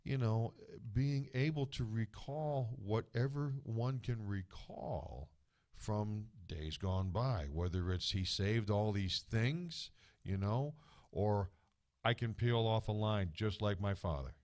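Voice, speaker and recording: A man's voice: lowish voice, takes it slowly, a little mellow. A middle-aged man, a guest on a radio show, telling family stories in a rambling, casual way with many restarts.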